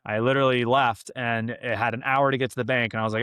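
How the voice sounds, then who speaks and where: A young man telling a long story, easygoing and animated, and he drops "man" and "dude" everywhere. His voice sits mid-range, and the room sound is dry and close. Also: medium pitch, quick pace, hardly any pauses, smooth, dry recording. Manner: animated, slangy, says "man" and "dude" a lot. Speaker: guest. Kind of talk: casual storytelling.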